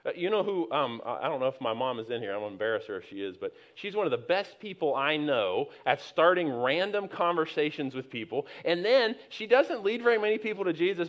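A pastor with a highish, sing-song voice preaches a sermon briskly, hardly pausing. He's conversational and anecdotal, with many restarts and growing emphasis, and the sound quality is dull and lo-fi.

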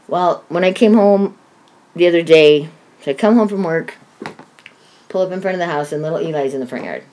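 A woman's voice: on the low side, fairly quick, warm tone. Heated middle-aged woman, swearing freely. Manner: heated, swears freely, acts out others' voices. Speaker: mother talking about her son. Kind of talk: emotional personal conversation.

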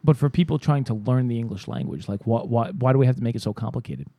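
A man co-hosting a tabletop game podcast, talking in casual banter, animated and mock-exasperated, swearing freely. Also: medium pitch, fast talker, creaky, no echo. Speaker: podcast co-host and game master.

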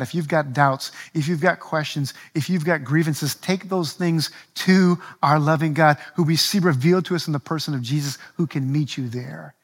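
A man with a notably high voice preaches a sermon to his congregation. He swings between quiet, tender passages and surging, emphatic appeals, repeating his key lines and urging the room on with "come on". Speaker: pastor. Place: church.

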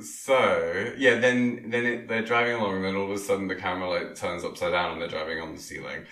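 Male podcast co-host, very deep, rambling recap, echoey room, mic at a distance. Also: fairly even intonation, brisk, bright, forceful tone. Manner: rambling, filler-heavy, laughs often. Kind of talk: casual film recap chat.

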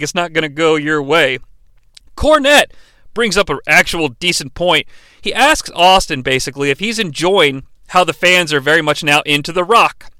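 A man's voice: high voice, bright, forceful tone, no echo. Chatty, irreverent man recapping. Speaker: podcast host. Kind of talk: casual wrestling recap.

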